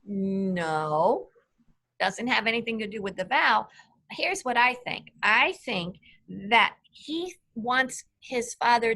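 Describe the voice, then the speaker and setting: Woman teacher, patient online reading lesson, slow and bright, slightly high voice. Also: animated. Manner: patient, clear, asks children questions by name.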